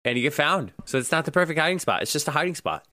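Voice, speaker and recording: A man's voice: a little high, big pitch swings, racing, sharp tone, no echo, studio quality. A young man co-hosting a podcast, chatting in a playful, jokey way. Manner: playful, laughs often. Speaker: podcast co-host. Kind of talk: casual chat.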